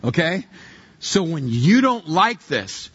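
Brief: male pastor preaching, conversational and wry, fairly high and husky, on a dull recording. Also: very animated, slow, fairly bright tone. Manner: conversational, humorous, acts out little scenes. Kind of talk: sermon.

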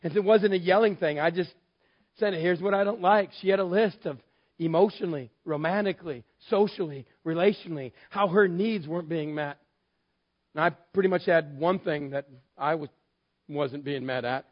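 A middle-aged man from West Texas, a pastor preaching and telling a story with animated acting out of both sides. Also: fairly high pitch, normal speed, dull audio. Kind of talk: sermon.

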